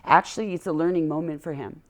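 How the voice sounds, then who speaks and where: Low-voiced woman telling lively stories. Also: fast talker. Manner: lively storyteller, exaggerates for fun. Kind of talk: casual chat.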